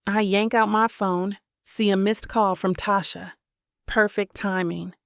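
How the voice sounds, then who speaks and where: A woman narrating a romance audiobook in the first person, telling it in a slow, deliberate way. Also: medium pitch, fairly even intonation, gravelly, dry recording, studio quality.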